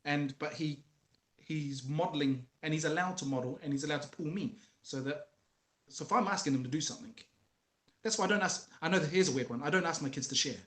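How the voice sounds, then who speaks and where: A man's voice: on the high side, brisk, a bit bright, echoey room. A man talking earnestly about fatherhood as a guest, telling stories from family life. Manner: earnest, storytelling, acts out voices of his kids. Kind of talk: casual conversation about fatherhood.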